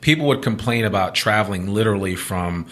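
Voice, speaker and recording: A man's voice: fairly low pitch, brisk, a bit bright. A middle-aged man hosting a casual podcast interview in a coworking studio, talking loosely with fillers and restarts. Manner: conversational, many restarts and fillers. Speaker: podcast host.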